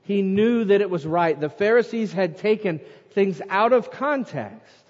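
Man, pastor, sermon, high voice, long reverb, swings from loud to hushed. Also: animated, unhurried. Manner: reads scripture aloud, dramatic swings in loudness and pace. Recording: muffled sound with long hall reverb.

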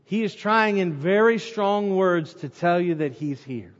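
A man preaching an evening sermon, emphatic, repeating words for stress and dropping to a low hush at the ends of phrases. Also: animated, unhurried, few pauses. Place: church sanctuary during an evening service. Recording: muffled recording with long hall reverb.

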